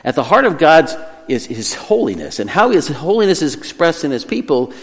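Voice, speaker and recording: A man preaching a sermon as pastor, earnest, slowing and softening when he voices God's words. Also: fairly high pitch, big pitch swings. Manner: earnest preaching, slows down and drops quieter for quoted words of God. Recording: long hall reverb.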